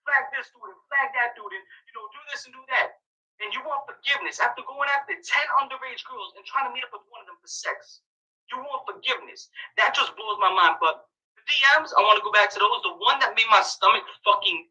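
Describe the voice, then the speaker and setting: A man delivering a heated, profane commentary rant, talking fast and swearing constantly. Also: sits high, sharp tone, distant mic, dull audio. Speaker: commentary YouTuber. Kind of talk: ranting commentary.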